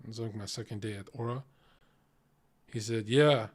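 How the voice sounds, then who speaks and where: A man's voice: on the low side, normal speed, husky. Blunt, profane male streamer telling a story. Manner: profane, blunt, animated retelling.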